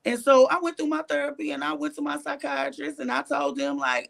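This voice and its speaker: Her voice sits high, with vocal fry, and she talks briskly with few pauses. A reality show cast member guesting in an interview, she tells a candid story bluntly and profanely, animatedly acting out others' lines.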